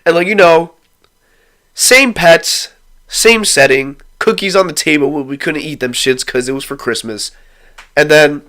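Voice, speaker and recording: This young man's voice is medium-pitched and unhurried, broken by long pauses, as he tells a casual vlog story about a night with friends. He rambles, swears constantly, and grows excitable in the retelling.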